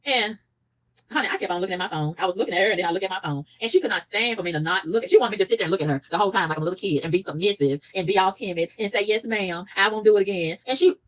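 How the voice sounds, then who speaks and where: A woman telling a story in an indignant, animated rant, acting out the people she quotes. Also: medium pitch, very fast, low-quality recording. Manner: animated, indignant, quotes others in mock voices. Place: room in a shared house.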